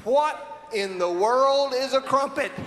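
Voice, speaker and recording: A man's voice: very high-pitched, takes it slowly, a bit bright, long reverb tail, slight background noise. A man from South Alabama with a Southern American accent, telling a comic story to a live audience in a folksy, exaggerated way. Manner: folksy, exaggerated, breaking into laughter. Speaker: comedian.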